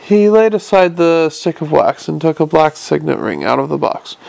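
A man narrating an audiobook at an even, unhurried pace. His voice sits a bit high for a man and is strongly gravelly. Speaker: audiobook reader.

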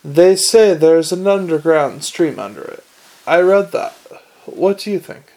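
A man's voice: fairly high pitch, expressive, measured pace, mellow. A man voicing an earnest, naive young watchman who talks eagerly and innocently in a storybook reading.

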